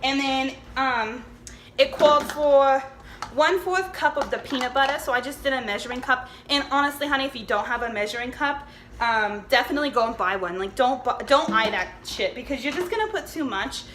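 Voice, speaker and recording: A woman putting on a loud, chatty New Jersey housewife, fronting a homemade cooking show with a high voice. She rambles off topic, curses freely and calls everyone honey. The kitchen sounds echoey, with a little background hiss. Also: fairly quick. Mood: gossipy. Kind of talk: comedic cooking sketch. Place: home kitchen. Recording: echoey room with faint background noise.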